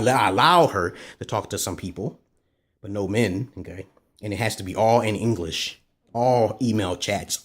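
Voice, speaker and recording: A man vlogging a rambling, profane monologue of dating advice, full of swearing, agitated outbursts and repeated "right?" and "okay?" asides. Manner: agitated, pitch jumping up when worked up.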